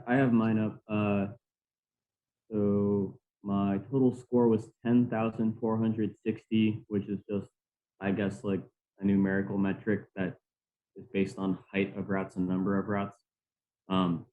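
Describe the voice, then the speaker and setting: A man's voice: on the low side, phone-quality sound. A man, a guest climber, chatting casually on a podcast with many fillers.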